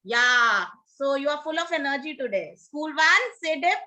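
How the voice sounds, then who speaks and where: A woman's voice: sits high, big pitch swings, moderate pace, heavy background noise. A woman teaching a pronunciation lesson to a class, leading drills, coaxing students to repeat words and checking in with "okay?".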